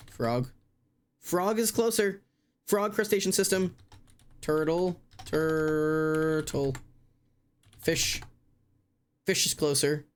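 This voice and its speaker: During a live word-guessing game, a streamer with a mid-range voice thinks aloud casually, spelling words out letter by letter and poking fun at themself.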